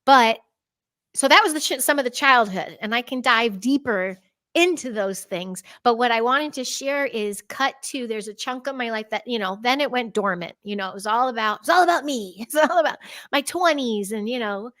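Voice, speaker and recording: On a clean studio recording with no echo, an American woman in her thirties speaks at a moderate pace in a voice on the high side. As a podcast guest she animatedly tells personal stories conversationally, with frequent laughter and her own remarks acted out.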